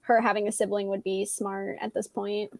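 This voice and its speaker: A woman's voice: medium pitch, flat delivery, normal speed, creaky, no echo. A young woman in her twenties in casual chat, gushing and emphatic with many fillers.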